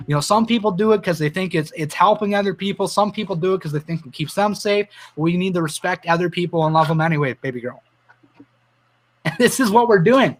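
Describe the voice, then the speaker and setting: A man's voice: sits high, a little fast. A Canadian man hosting a livestream, telling personal stories and reading viewer comments aloud in an earnest, emotional way. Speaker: livestream host.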